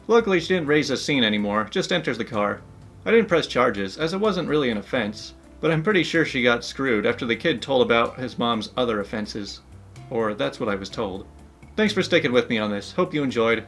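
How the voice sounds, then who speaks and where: A man's voice: medium pitch, a bit bright. A man hosting a story channel, narrating online stories in an upbeat, chatty way. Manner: upbeat, chatty, laughs between asides.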